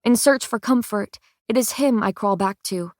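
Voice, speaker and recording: A woman narrating a first-person fantasy audiobook in a measured, expressive way, recorded on a close studio mic. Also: mid-range voice, dry recording.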